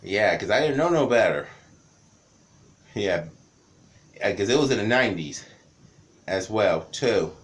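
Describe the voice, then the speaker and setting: A man's voice: lowish voice, unhurried, long pauses. A man in his thirties from the Cleveland area, telling childhood stories in a casual, rambling vlog with lots of repetition. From Cleveland area, Ohio. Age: 30s. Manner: rambling, repeats words, lively telling. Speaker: vlogger.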